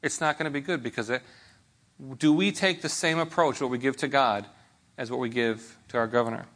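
A man's voice: mid-range voice, a little fast, fairly bright tone. A man preaching a sermon in a conversational way, often checking in with his listeners.

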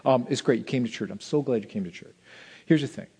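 A male pastor preaching a sermon, swinging between loud emphasis and soft asides. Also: mid-range voice, fast, husky.

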